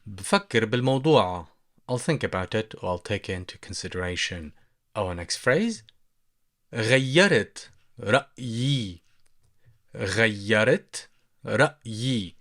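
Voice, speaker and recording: A man with a Levantine Arabic accent teaching phrases slowly, repeating each one for practice. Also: fairly low pitch, lively intonation, a bit bright. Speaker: language teacher.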